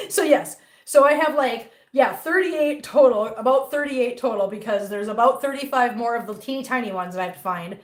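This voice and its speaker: Running a casual livestream for her cat channel, a middle-aged woman teases and reads viewer comments aloud while talking about her cats in an echoey room at home. Her voice is a little high and animated, and she talks a little slowly.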